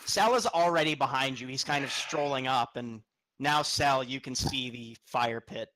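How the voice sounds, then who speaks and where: A man's voice: mid-range voice, normal speed, pushed and bright, a little hiss or hum, poor audio. A man narrating a tabletop role-playing game as game master, setting scenes and calling for dice rolls, often restarting mid-sentence.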